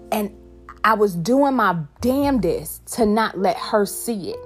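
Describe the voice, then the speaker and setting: Woman, candid mother's talk, emphatic, profane, faint music behind. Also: medium pitch. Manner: frank and profane, emphatic repetition. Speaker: parent talking to viewers. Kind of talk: candid personal talk to camera.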